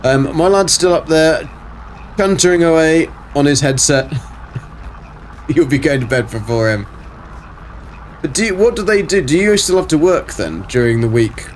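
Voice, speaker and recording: A man's voice: a little high, animated, normal speed, pauses often, slight background noise. A middle-aged man on a casual live game stream, answering chat and muttering to himself as he plays.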